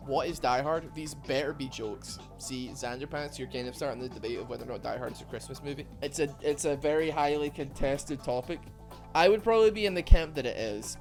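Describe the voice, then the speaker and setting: A man giving rambling, self-mocking commentary over a video game, with quick asides. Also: mid-range voice. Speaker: gaming YouTuber. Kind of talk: joking gameplay commentary.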